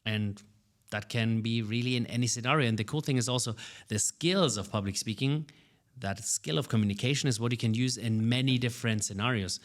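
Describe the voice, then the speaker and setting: A man's voice: mid-range voice, brisk. A man who coaches public speaking, answering interview questions with energy and often repeating words as he starts a sentence.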